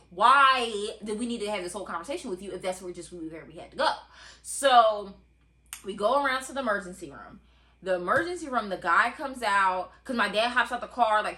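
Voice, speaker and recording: A young woman telling a personal story in a casual, animated, chatty way, full of fillers. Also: medium pitch. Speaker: podcast host.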